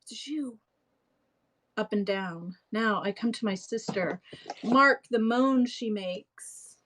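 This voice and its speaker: A woman's voice: medium pitch, slow pace, fairly bright tone. A woman reading aloud as a clownish young male servant grieving over his family, with big exaggerated swoops in her delivery. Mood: theatrical lament.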